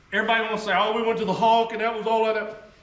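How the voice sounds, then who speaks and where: Folksy man, high bright voice. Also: a little hiss or hum. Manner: folksy, emphatic, drawling asides. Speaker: historical reenactor giving a talk. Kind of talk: informal history talk to a group. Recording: echoey room, voice heard from a distance.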